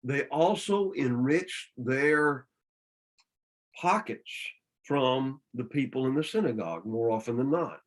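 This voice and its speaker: A man's voice: mid-range voice, expressive, slow, poor audio. A man teaching a church Bible study, explaining scripture plainly with frequent restarts and repeated words, with a Southern US accent.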